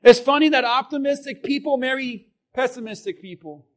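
A man preaching a sermon, asking his congregation questions and swinging between shouted passages and quiet ones. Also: very high voice, fairly quick. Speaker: pastor.

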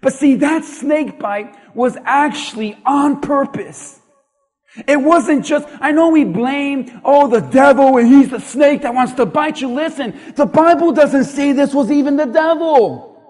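A man's voice: very high-pitched, measured pace, a little mellow, in a large hall. A male pastor preaching a sermon, putting rhetorical questions to his congregation and building in intensity.

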